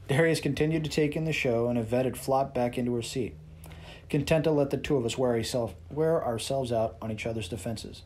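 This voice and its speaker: A man's voice: medium pitch, steady tone, a little fast, a little mellow. A man reading a first-person novel aloud as narrator, in a wry, sarcastic and boastful manner.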